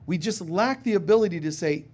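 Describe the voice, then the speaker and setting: A man giving a live sermon in a casual, humorous way, who acts out little voices and drops to soft, quiet tones on serious points. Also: high voice, animated, fairly quick. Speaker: spiritual teacher.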